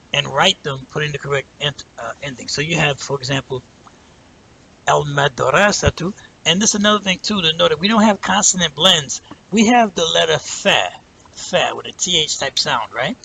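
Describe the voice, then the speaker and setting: A man teaching a language lesson, explaining step by step, drawing out example words slowly and checking in with "right?" as he goes. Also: fairly high pitch, gravelly, bright, forceful tone, slight background noise, low-quality recording. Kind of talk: patient spoken lesson.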